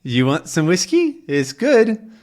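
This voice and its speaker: A man doing a tipsy little dog, high and giddy. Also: huge pitch swings, slow, darkish tone, exaggerated voice. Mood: tipsy coaxing.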